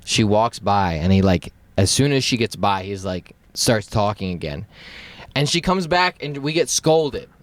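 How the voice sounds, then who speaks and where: A man co-hosting a podcast, telling a story in casual chat, animated and laughing often as he acts out quotes. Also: on the low side, unhurried, no echo. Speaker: podcast co-host.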